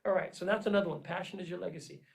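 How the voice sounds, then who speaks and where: A man's voice: racing, gravelly, low-quality recording. Earnest man giving a motivational pep talk. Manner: emphatic and repetitive, swinging between loud urging and low intensity. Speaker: vlogger giving life advice. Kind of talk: motivational monologue.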